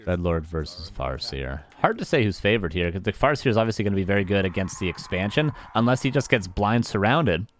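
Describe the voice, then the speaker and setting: A man's voice: fairly low pitch, animated, brisk, few pauses, slight background noise. A Canadian man casting a live strategy game match, chatty and self-mocking, thanking viewers by name between plays. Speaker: esports caster.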